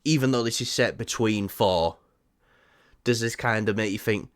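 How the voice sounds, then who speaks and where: A man co-hosting a movie news podcast in casual chat, excitable, swearing freely and laughing often. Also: lowish voice, normal speed, dry recording.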